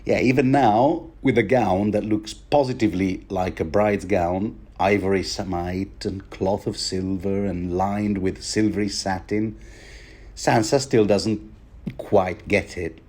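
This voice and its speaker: A man with a fairly low voice talks through a book chapter in a rambling, conversational commentary. He is wry and chatty, often tripping over words and restarting his sentences as he thinks aloud. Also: fairly even intonation, unhurried, a little mellow. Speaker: podcast host.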